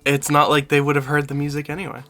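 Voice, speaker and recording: Streamer, bright voice, faint music behind, casual gameplay chat, rambling, self-interrupting. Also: mid-range voice, monotone, quick pace. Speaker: streamer playing a game with friends.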